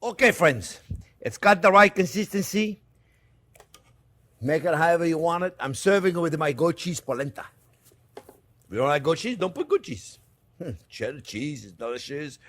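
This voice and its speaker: A man's voice: a little high, expressive, normal speed, long pauses, a bit bright, slight background noise. A man, a chef giving a casual cooking demonstration in his kitchen. He keeps calling his viewers "friends" and laughs easily. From France. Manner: chatty, repeats "friends" often, laughs easily.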